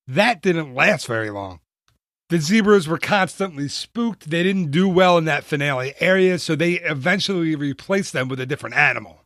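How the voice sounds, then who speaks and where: A man's voice: a little high, fairly bright tone, no echo, studio quality. A man hosting a solo travel podcast, talking in a chatty, enthusiastic way and joking at his own expense. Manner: chatty, self-mocking, enthusiastic. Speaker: podcast host.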